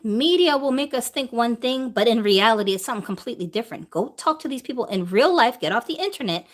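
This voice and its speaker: Emphatic woman streamer with a lively, high-leaning voice, answering viewer questions live. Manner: emphatic, full of rhetorical questions. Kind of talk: live-stream opinion talk.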